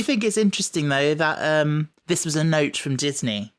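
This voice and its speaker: A man's voice: on the high side, lively intonation, normal speed, very noisy. A man chatting as a podcast guest, rambling and hesitant as he works through his thoughts. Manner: rambling, hesitant, many fillers and restarts. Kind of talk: casual chat.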